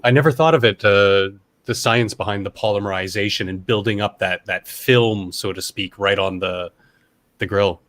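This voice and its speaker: Lower-voiced chef, halting and rambling. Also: male voice, fairly bright tone. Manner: hesitant, rambling with restarts. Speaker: professional chef. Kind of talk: casual chat.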